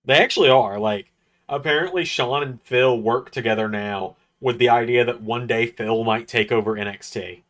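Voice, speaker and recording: A young man hosting a casual watch-along stream with an ordinary mid-range voice. He is chatty and quick with knowledgeable asides. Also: mid-range voice, a bit bright. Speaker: host.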